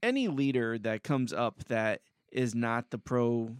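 A man co-hosts a casual political talk show and adds agreeable comments with a dry wit. His pitch is ordinary for a man, and the recording is dry and close. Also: expressive, measured pace, smooth, dry recording. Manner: agreeable, frequent short affirmations, dry wit. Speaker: podcast co-host.

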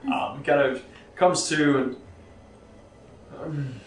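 A man narrates a tabletop game in a loose, casual way, slightly high-voiced. He sits far from the mic in an echoey room with faint noise. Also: steady tone, drawn-out words. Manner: casual, filler-heavy, laughing. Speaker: game master.

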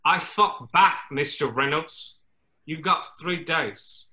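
A man's voice: fairly high pitch, slight background noise, heavily acted. A man voicing a menacing male raccoon loan shark with a Cockney accent in a comedy sketch read over a video call, talking in clipped broken grammar. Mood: threatening. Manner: slow, quietly threatening, clipped broken grammar.

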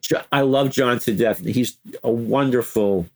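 Older man, medium voice, chatty interview guest, animated storyteller. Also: mid-range voice, measured pace. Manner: animated, chuckling storyteller who breaks into quoted voices. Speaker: interview guest, former music news editor.

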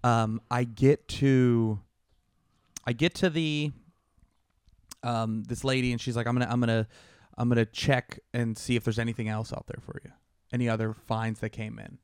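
Animated storyteller man, smooth dry voice. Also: mid-range voice, moderate pace, no room sound. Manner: animated storyteller, acts out both sides of a phone call. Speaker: podcast co-host. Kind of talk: casual podcast chat.

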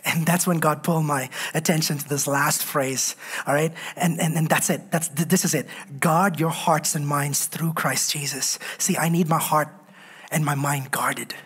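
A woman's voice: low-pitched, fairly even intonation, moderate pace, slightly rough. A woman preaching a sermon, repeating phrases for emphasis and calling on the congregation to answer her. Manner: exhorting, calls on the congregation to respond.

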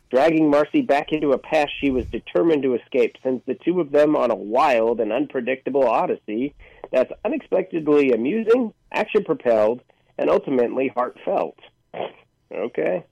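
A man's voice: mid-range voice, creaky, a little mellow, slightly rough, no echo, dull audio. A man co-hosting a casual movie review panel, reading plot summaries aloud and joking with the others. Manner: reads synopses aloud, joking.

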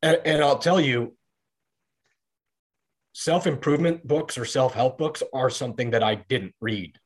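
A man's voice: mid-range voice, a little slow. Easygoing middle-aged man telling stories. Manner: easygoing, rambling with frequent restarts and fillers. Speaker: podcast guest. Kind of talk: casual conversational storytelling.

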